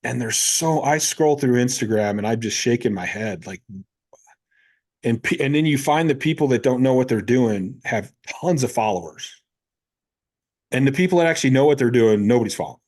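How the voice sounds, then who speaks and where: This fifties-aged man coaches powerlifting and chats informally on a podcast. Speaking at ordinary speed in an average male register, he brings his anecdotes to life by voicing each person in the exchanges.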